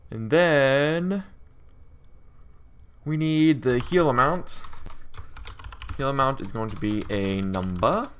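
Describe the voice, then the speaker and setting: A man's voice: medium pitch, lively intonation, takes it slowly, long pauses, slight background noise. A man giving a casual coding walkthrough as a game developer, thinking aloud with lots of fillers.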